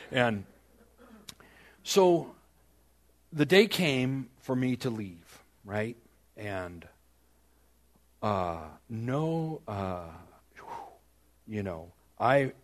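Older man preaching, story-driven. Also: lowish voice. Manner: animated storytelling, voice rising and dropping to a near whisper. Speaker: pastor. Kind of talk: sermon storytelling.

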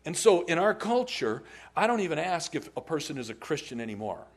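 A man preaching a sermon as a pastor, telling stories in an animated way and laughing often. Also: a little high, brisk.

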